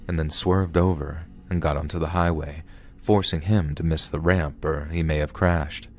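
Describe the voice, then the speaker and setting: A man narrating a first-person horror story in a calm, steady storytelling manner. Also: very deep voice. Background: background music.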